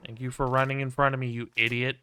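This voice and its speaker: A man's voice: medium pitch, little pitch movement, fast talker, sharp tone, a little hiss or hum. A man streaming a game, chatting casually and ranting with plenty of profanity and wry asides. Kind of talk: casual gameplay commentary.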